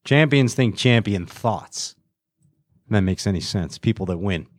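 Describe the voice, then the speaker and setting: A man's voice: fairly low pitch, expressive, a little slow, no room sound, clean studio sound. A man hosting a casual show, joking around, riffing and scatting between giveaways. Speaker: show host. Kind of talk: casual livestream show banter.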